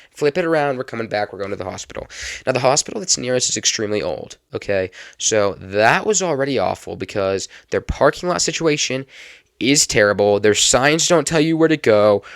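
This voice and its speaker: A man's voice: mid-range voice, brisk, no room sound. Man telling a story in a dry room. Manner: animated, laughing while telling a story. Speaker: podcast host. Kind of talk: casual storytelling.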